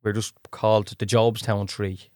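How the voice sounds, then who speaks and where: A low-pitched, middle-aged man with a Dublin accent tells lively stories in a podcast interview. He talks in animated bursts, often restarting and repeating his words. The recording is close and dry. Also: normal speed, no echo. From Ireland. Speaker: guest actor. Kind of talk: casual storytelling in a podcast interview.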